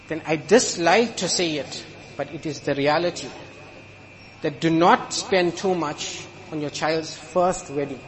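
Emphatic male preacher, high voice, long hall reverb, mixes humor into his sermon.

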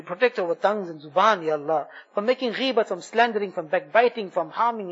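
Man, imam leading supplication, husky high voice, pleading, dull lo-fi recording. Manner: fervent, pleading, repetitive invocations. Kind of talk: devotional prayer, supplication.

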